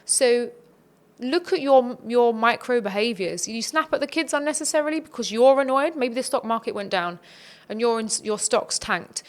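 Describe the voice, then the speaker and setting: A woman's voice: on the high side, animated, moderate pace. A woman speaking as a podcast guest, giving earnest, reflective advice in a conversational tone.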